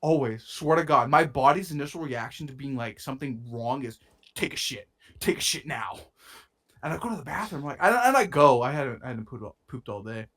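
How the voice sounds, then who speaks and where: Young male podcast co-host, lively swooping delivery, slangy and profane storyteller, slightly stuffy nose. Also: mid-range voice, fairly quick. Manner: animated storytelling, lots of swearing and slang. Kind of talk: casual chat.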